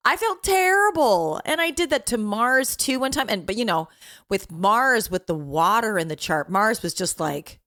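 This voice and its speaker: A middle-aged woman chatting casually on a podcast as a mother, animated, laughing often and swearing freely. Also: medium pitch, normal speed. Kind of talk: casual chat.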